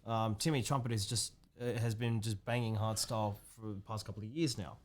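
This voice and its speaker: A man's voice: on the low side, steady tone. A man co-hosting a podcast, talking casually with frequent restarts. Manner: halting, many restarts and fillers. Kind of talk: casual chat.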